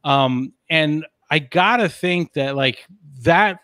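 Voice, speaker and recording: A man's voice: on the high side, slow pace, a bit bright, no echo. Easygoing male podcast host, dry sound. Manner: easygoing, many "like" and "you know" fillers, laughs. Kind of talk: casual chat.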